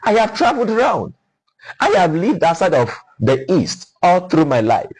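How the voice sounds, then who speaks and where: A man's voice: sits high, big pitch swings, moderate pace, husky, rough recording. A middle-aged Nigerian man with a Nigerian accent, a guest explaining things in a lecturing way and sounding out example words. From Nigeria (Ukwuani, Delta). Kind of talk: explaining conversation.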